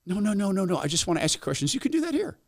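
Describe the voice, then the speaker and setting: Guy doing a high shrill lady activist from a true story, pushy, keeps insisting, dry close sound. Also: big pitch swings, racing, creaky, darkish tone, no echo. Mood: coaxing, insistent. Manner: shrill, insistent, repeating herself. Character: pushy female activist, self-styled neurologist, insistent.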